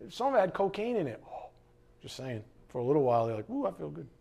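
A middle-aged pastor, talking fast in a mid-range voice, preaches an animated, conversational sermon with frequent asides to the congregation.

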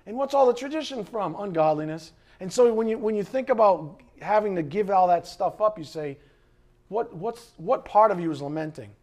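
A middle-aged man preaching a sermon as pastor, animated, acting out quoted voices and sometimes shouting. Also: sits high, normal speed.

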